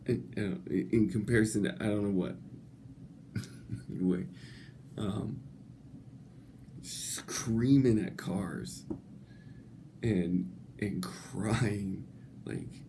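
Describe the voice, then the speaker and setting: A man with a gravelly, dark voice tells a rambling comic story at an unhurried pace. He keeps stumbling over his own words and laughing through them. His speech is loose and full of casual swearing. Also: on the low side, a little hiss or hum. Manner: halting, many restarts.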